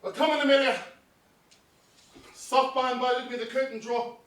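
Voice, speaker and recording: An actor playing a jealous, tormented husband in amateur stage acting, brooding murmurs breaking into shouts. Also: male voice, very high-pitched, fairly even intonation, normal speed. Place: outdoor stage, roomy. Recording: roomy echo from far off.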